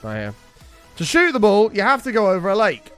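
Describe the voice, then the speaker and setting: Sweary streamer man, lively voice. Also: high-pitched, brisk, smooth, soft background music. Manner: rambling, sweary storytelling. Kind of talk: casual livestream chat.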